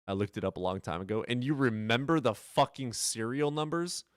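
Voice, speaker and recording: A man's voice: medium pitch, animated, a little fast, no echo, clean studio sound. A man hosting a casual livestream chat, teasing and swearing freely and laughing often. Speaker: livestream host.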